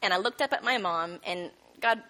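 Bright-voiced woman preaching a sermon. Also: mid-range voice, moderate pace. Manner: animated storytelling, acts out quoted voices. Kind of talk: sermon with personal testimony.

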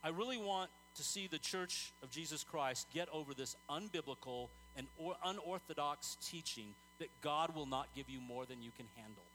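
A man's voice: a little high, lively intonation, normal speed, hardly any pauses, bright, forceful tone, a little hiss or hum, rough recording. A man preaching a sermon in an earnest, conversational way, telling stories with many fillers and restarts.

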